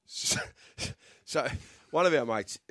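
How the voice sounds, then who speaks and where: A man's voice: medium pitch, lively intonation, slow, bright, forceful tone, no echo, studio quality. An Australian man on a sports radio show, telling a prank story with plenty of laughter. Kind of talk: casual radio banter, storytelling.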